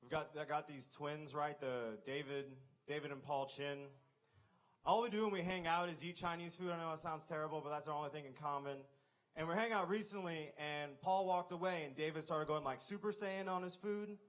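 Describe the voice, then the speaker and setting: A man's voice: fairly high pitch, fairly quick, a bit bright. A man doing a short, self-deprecating stand-up set on a comedy club stage. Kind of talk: stand-up routine.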